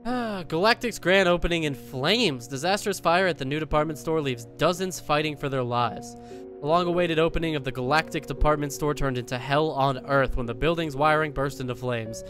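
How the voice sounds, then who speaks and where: A man putting on the voice of an old-timey male radio newsman reading a bulletin in a brisk, formal, clipped announcer cadence. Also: a little high, fairly bright tone, soft background music, close to an everyday voice.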